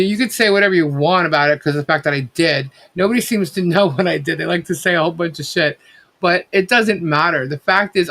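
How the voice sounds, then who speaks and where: A woman's voice: lowish voice, a bit bright. Woman co-host for a casual live chat stream; blunt, rambling delivery with plenty of swearing. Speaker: co-host of a livestream. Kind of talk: casual livestream commentary.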